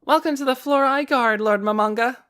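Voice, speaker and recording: Man voicing a loud, bossy young dark elf girl. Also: very high-pitched, normal speed, smooth, pitched above the performer's own voice. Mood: cheerful. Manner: brash, shouting, scolding. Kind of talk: audiobook character voice.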